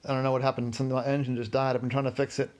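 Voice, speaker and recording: Guy voicing a worn out stranded boat guy, slow tired talk, regular pitch. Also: level tone, a little mellow, natural voice. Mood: weary. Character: weary stranded adult male boater.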